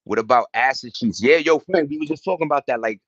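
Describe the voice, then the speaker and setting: Middle aged guy rambling on his stream, lots of slang, shouting out chat, muffled dry audio. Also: medium pitch, fast talker, slightly rough, no room sound. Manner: slangy, loose storytelling, greets chat viewers between stories. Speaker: livestream host. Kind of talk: casual livestream chat.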